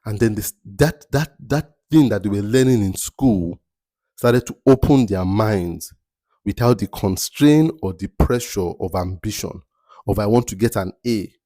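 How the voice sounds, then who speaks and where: A man's voice: lowish voice, lively intonation, unhurried, dark tone, no echo. A man giving a motivational talk as a mentor, emphatic and rhetorical, repeating his key phrases. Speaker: mentor giving life advice.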